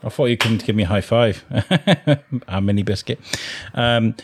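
A man's voice: lowish voice, measured pace, husky, no echo. A man hosting a podcast, chatting casually with frequent laughs and restarted sentences. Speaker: podcast host. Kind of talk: casual chat.

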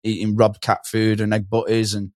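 A man's voice: lowish voice, monotone, moderate pace, dry recording, clean studio sound. A man, a podcast guest telling a story in a casual, slangy way and acting out the voices of people he quotes.

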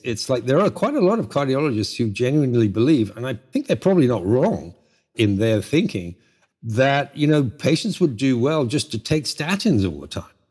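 A man's voice: mid-range voice, darkish tone, breathy edge. A middle-aged man speaking as a guest in a conversational interview, thoughtful and rambling, full of asides. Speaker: guest, herbal medicine teacher.

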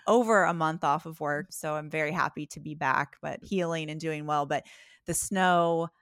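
A woman's voice: deep voice, normal speed, fairly bright tone, clear, resonant tone, dry recording, studio quality. A woman podcast co-host with a slight Appalachian twang, chatting casually and telling stories. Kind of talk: casual chat.

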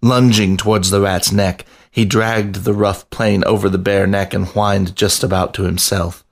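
A man reading a story aloud on a podcast, narrating in a steady, even voice. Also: on the low side, moderate pace, creaky, few pauses.

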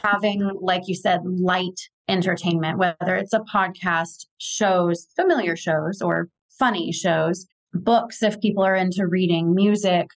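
A woman's voice: lowish voice, steady tone, unhurried, rough recording. A woman, giving practical advice in a casual conversation. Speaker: podcast guest.

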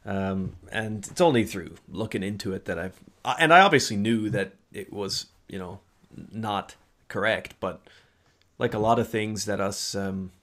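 A man's voice: lowish voice, moderate pace, fairly bright tone. A man co-hosting a book discussion podcast in casual, rambling chat. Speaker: podcast co-host.

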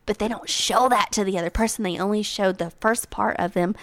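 A woman's voice: mid-range voice, fairly quick, fairly bright tone, no echo. A young woman co-hosting a casual podcast, teasing and telling stories animatedly. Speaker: podcast co-host. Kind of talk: casual chat.

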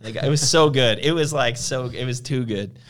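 A man with a mid-range, slightly bright voice speaks at a moderate pace in casual conversation. He tells long, rambling anecdotes, acting out the voices of the people in them.

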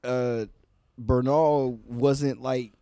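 A man co-hosting a casual podcast chat, animated, acting out quotes in different voices and laughing often. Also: medium pitch, very slow, smooth, no room sound, studio quality. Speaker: podcast co-host.

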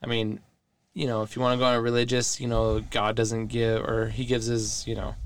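A man's voice: medium pitch, monotone, fairly quick, smooth. A man co-hosting a podcast, chatting casually in a supportive, reflective and somewhat rambling way. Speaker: podcast co-host.

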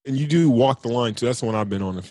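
A man's voice: mid-range voice, very fast, darkish tone, dry recording. A man hosting a casual podcast chat, talking loosely and profanely with frequent exclamations. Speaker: podcast host.

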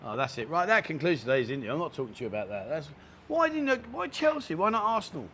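London man, cheeky interviewer, slightly high voice, teasing banter, faint bar noise. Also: big pitch swings, quick pace, fairly bright tone. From London, England. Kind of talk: casual chatty interview.

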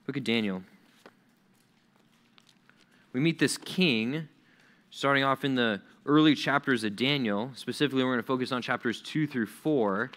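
A man's voice: mid-range voice, moderate pace, a bit bright. A male pastor preaching a sermon in a conversational, emphatic way, repeating key words for effect.

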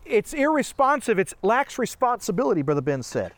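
A man preaching a sermon, animated, asking rhetorical questions and laughing often. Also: extremely high pitch, a little fast, noisy background.

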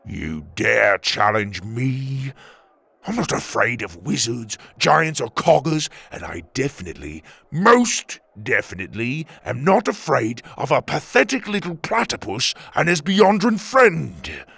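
A man voicing Tuga, a menacing gravelly warlord, in an audio story, with slow, snarling, contemptuous delivery. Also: medium pitch, sing-song, a bit bright, dry recording, full character voice. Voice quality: gravelly growl.

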